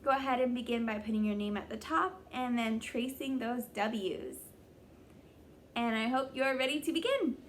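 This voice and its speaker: A young woman teaching young children a phonics lesson, sounding out letters slowly and praising them often. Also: fairly high pitch, slight background noise. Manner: slow, exaggerated sounding-out of letters; encouraging, praising. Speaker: kindergarten teacher.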